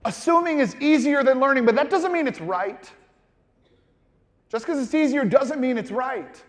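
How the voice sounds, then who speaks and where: A man in his thirties with a notably high voice delivers a comedic motivational keynote. He is playful and self-deprecating, slipping into quick acted voices. The sound carries the long reverb of a large hall. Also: expressive. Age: 30s. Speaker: keynote speaker. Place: large conference hall with audience.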